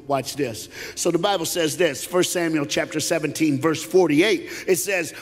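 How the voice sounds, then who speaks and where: A man from Tennessee with a Southern accent, preaching an energetic conference sermon with jokes and call-and-response. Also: on the high side, normal speed, few pauses, some chatter behind. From Knoxville, Tennessee. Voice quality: animated, joking, call-and-response. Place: large conference hall. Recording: live hall with long reverb and faint music.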